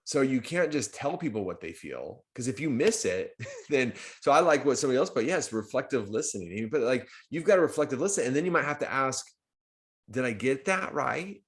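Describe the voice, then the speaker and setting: A man's voice: medium pitch, a little fast. A man hosting a live community stream, talking casually with many restarts and sudden bursts of emphasis. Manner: conversational, repetitive restarts, animated swings in loudness. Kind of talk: casual livestream talk.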